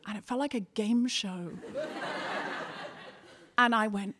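A woman co-hosting a live comedy show, telling a wry personal anecdote in a dry, deadpan way. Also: mid-range voice, takes it slowly, pauses often. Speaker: co-host and comedian. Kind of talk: comic anecdote on stage. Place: live comedy venue with audience.

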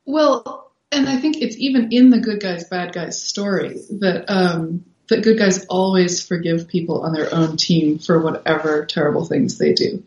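A woman with a fairly low voice speaks casually as a guest. She thinks aloud and leans on fillers. The sound is roomy and a bit dull. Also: normal speed, few pauses, darkish tone. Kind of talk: casual conversation.

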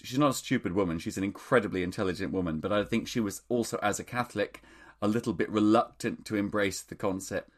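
A man hosting his own podcast, camp, theatrical and self-mocking in casual chat. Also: lowish voice. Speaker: podcast host. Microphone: studio microphone.

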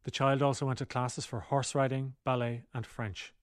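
A man reading scripted documentary narration in an even, measured way. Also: mid-range voice, a little hiss or hum.

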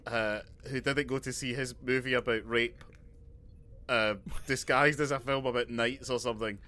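A man co-hosting a casual comedy chat, delivering absurd jokes in a dry, deadpan way. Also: medium pitch, moderate pace. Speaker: podcast co-host.

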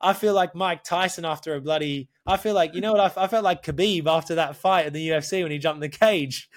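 A man telling a story in casual podcast chat, animated, swearing often and calling the listener mate. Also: high-pitched, fairly quick, hardly any pauses. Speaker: podcast guest.

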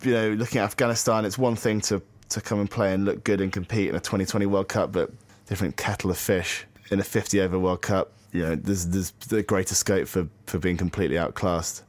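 Deep-voiced man chatting, dry sound. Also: fairly even intonation, fairly quick, hardly any pauses, no echo. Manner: teasing, chatty, trails off with fillers. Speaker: podcast co-host. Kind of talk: casual chat about cricket.

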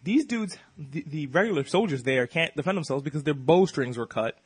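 A man hosting a casual podcast, recapping a cartoon episode in a fast, profane, joking way. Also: fairly high pitch, lively intonation, breathy edge, no echo.

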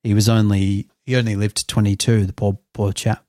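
A man's voice: on the low side, flat delivery, a little fast, dark tone, no room sound. A man co-hosting a casual podcast chat, dry-humoured and hesitant, with frequent fillers. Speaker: podcast co-host.

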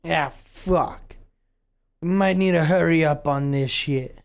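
A man's voice: on the high side, moderate pace, clear, resonant tone. A man playing a tabletop game, brash and casual, swearing often. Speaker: player.

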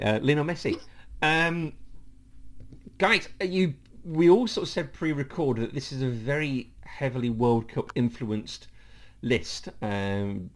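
A man hosting a casual football podcast, reading out lists briskly and correcting himself. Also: medium pitch. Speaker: podcast host. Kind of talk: casual panel chat.

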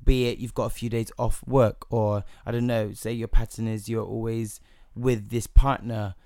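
Man, podcast co-host, playful, swears, mid pitch, dry recording. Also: little pitch movement, moderate pace, warm tone, no echo. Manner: playful, swears, calls the other host babes. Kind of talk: casual chat.

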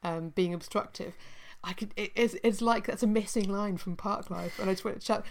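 A woman co-hosting a podcast, talking through a TV episode in an unhurried, reflective way. Her middle-pitched voice has a slight vocal fry, and she often hesitates with ums as she works out her point. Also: steady tone. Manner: thoughtful, hesitant with frequent ums. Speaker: podcast co-host. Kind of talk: casual discussion of a TV series.

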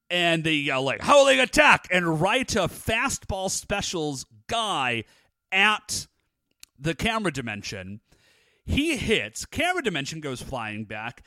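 Casual podcast co-host, male, bouncy and animated delivery, slightly high voice. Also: no echo. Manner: animated, enthusiastic storytelling with many fillers. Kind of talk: casual chat recapping a TV episode.

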